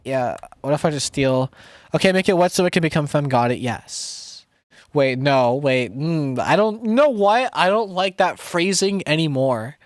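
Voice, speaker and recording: Talking to his live chat as he produces, this young man has a fairly high, animated voice at a measured pace. His banter is rambling and profane, full of self-mockery and frequent restarts.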